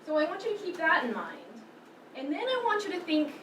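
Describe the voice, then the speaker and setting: A woman's voice: very high-pitched, sing-song, fairly quick, a bit bright. A woman workshop presenter guiding a group discussion, thoughtful with frequent fillers, in a conference room. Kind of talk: workshop facilitation. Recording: roomy, from far off with background noise.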